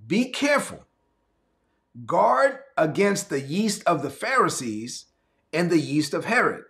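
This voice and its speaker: A man's voice: on the high side, big pitch swings, unhurried, vocal fry, fairly bright tone, heavily acted. A man voicing an exasperated, weary Jesus within a sermon, scolding doubters. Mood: urgent warning. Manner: exasperated, preachy.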